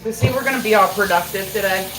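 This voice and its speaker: A woman's voice: mid-range voice, fast talker, distant mic, over music. Chatty woman live-streaming from her kitchen. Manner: chatty, laughs often, swears casually. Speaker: livestream host. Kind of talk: casual live-stream chat while baking. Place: home kitchen. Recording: echoey kitchen, voice from off-mic.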